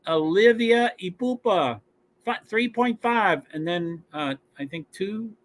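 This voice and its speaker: This casual sports watch-along host reads off team rosters and stats, chatting along with plenty of fillers and pauses. He speaks in a high, animated voice.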